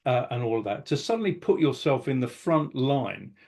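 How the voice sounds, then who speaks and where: Halting male interviewer. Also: mid-range voice, very animated, gravelly, darkish tone. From South London. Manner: halting, rambling questions with restarts. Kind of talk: casual interview talk.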